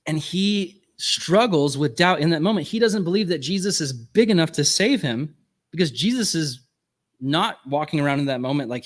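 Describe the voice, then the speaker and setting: Earnest man teaching without notes. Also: medium pitch. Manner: conversational, earnest, full of likes and restarts. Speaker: youth ministry workshop speaker. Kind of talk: informal teaching talk.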